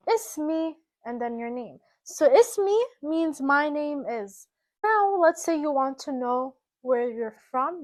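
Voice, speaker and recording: A woman from Egypt teaching a beginner language lesson, patient, repeating phrases slowly and clearly. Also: high-pitched.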